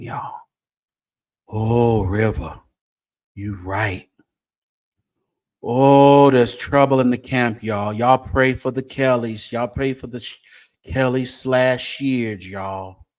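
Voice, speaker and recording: Talking directly to his audience on a late-night gossip stream, this host is teasing and talkative, stretching out his exclamations. He has a lowish, slightly mellow voice.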